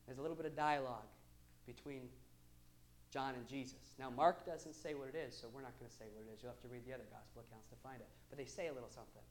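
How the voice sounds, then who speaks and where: A male pastor preaching a sermon, moving between quiet asides and loud, emphatic bursts. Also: mid-range voice, steady tone, fast, slight background noise.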